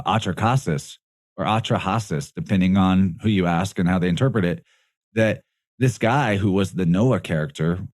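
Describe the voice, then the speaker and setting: A man's voice: low-pitched, a little mellow, dry recording, studio quality. A man speaking as a guest on a podcast, explaining in a casual, rambling way, often correcting himself and laughing mid-sentence.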